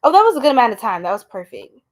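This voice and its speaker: A woman's voice: on the high side, very animated, racing. A woman doing a casual live-stream tarot reading, chatting with viewers in a slangy, blunt way.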